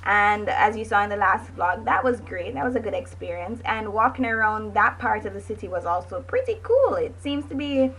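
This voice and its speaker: A woman's voice: mid-range voice, big pitch swings, normal speed, few pauses, fairly bright tone, slightly rough, poor audio. A young woman narrating her travel vlog in a chatty, enthusiastic way, with casual asides and self-corrections. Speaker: vlogger.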